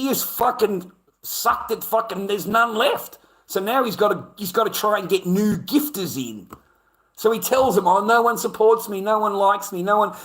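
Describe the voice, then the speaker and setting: A man's voice: high voice, fairly bright tone. An Australian man ranting to his audience in a casual, profane, indignant way, repeating his points. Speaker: streamer. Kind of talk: casual rant to camera.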